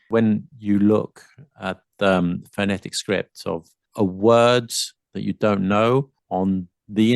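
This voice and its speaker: A podcast host from the south of England, whose accent is southern English with a slight London touch, chats animatedly about accents and playfully mimics them. His voice is lowish and creaky, captured in a dry, clean studio recording.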